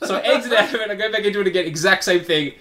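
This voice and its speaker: A man's voice: sits high, rapid-fire, bright, forceful tone. A man co-hosting a casual comedy podcast, telling a rambling story with frequent laughs and swearing. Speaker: podcast co-host.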